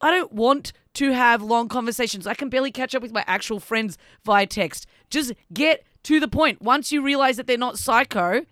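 Casting: woman, bright and direct, dry close recording, advice-giving co-host. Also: on the high side, moderate pace, hardly any pauses, dry recording. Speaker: podcast co-host. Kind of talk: casual advice chat.

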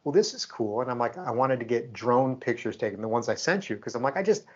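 A man's voice: medium pitch, fast talker, breathy edge, dull audio. A man co-hosting a podcast, telling a story in casual chat and acting out the back-and-forth of what people said. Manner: animated, acts out quoted exchanges. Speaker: podcast co-host.

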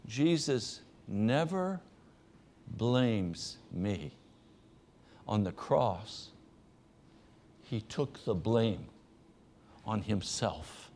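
A middle-aged man preaching a sermon as pastor, earnest, often dropping to a soft, low voice. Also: lively intonation, very slow, long pauses, a little hiss or hum.

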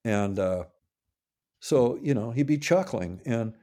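Older guy rambling through old stories, relaxed warm voice, keeps restarting his sentences. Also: mid-range voice, takes it slowly. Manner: rambling, self-correcting anecdotes with quoted voices. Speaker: interviewee. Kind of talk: casual storytelling.

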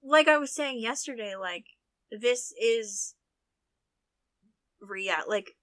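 A woman co-hosting a casual chat, quick to question and push back, laughing often. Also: on the high side, fairly bright tone. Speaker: podcast co-host.

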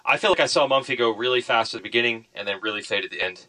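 A man's voice: medium pitch, rapid-fire, sharp tone. A man co-hosting a casual racing podcast, making wry, teasing asides. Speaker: podcast co-host. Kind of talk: casual chat.

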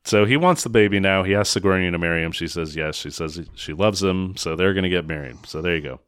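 A man's voice: sits low, fast talker, a bit bright, clean tone, dry recording. A man co-hosting a casual movie-review podcast, recapping the plot with sarcastic exasperation. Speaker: podcast co-host.

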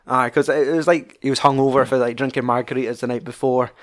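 A man's voice: mid-range voice, fairly even intonation, quick pace. A young man with a Scottish accent chatting casually about a film, rambling and swearing freely.

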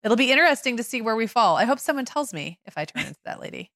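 A woman's voice: fairly high pitch, sing-song, fast talker, a bit bright, dry recording, clean studio sound. A middle-aged woman co-hosting a podcast, chatting easily with fillers and laughter. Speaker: podcast co-host. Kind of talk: casual chat.

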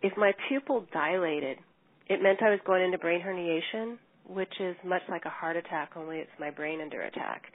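Husky middle-aged woman on a tinny line. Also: on the low side. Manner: earnest, measured telling with small restarts. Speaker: coma survivor telling her story. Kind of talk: personal storytelling.

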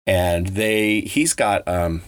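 A podcast host tells a travel story, rambling loosely, restarting often and swearing plenty. His voice sits low and resonant, clear, at a slow pace, with no room sound.

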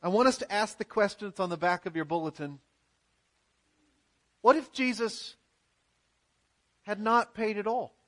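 A man's voice: high voice, a bit bright. A man pastor preaching a sermon in a church, earnest and emphatic, posing rhetorical questions to his congregation.

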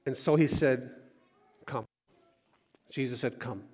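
A man preaching a sermon, moving between loud urging and soft, hushed asides. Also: medium pitch, takes it slowly, breathy edge. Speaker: pastor. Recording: long hall reverb.

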